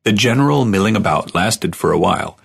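Brief: male audiobook narrator, very low voice, husky and measured. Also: animated, fairly bright tone. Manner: measured storytelling.

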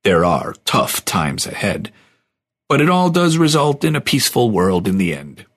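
A man voicing an earnest, respectful adult guide figure in an audiobook, pitching his voice higher than his own. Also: big pitch swings, normal speed, fairly bright tone.

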